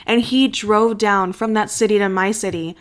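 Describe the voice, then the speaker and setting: With a medium-pitched voice and moderate pace, this young American podcast co-host narrates a story casually and animatedly. She curses without hesitation and performs the voices of the characters.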